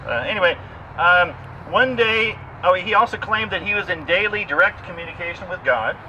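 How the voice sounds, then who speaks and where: Brief: male tour guide, bright ringing tone, theatrical reader, outdoors with faint street noise. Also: high voice, moderate pace, lo-fi sound. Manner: theatrical recitation, laughing at the verse. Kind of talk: reading a comic poem aloud, then outdoor tour talk. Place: outdoors in a cemetery.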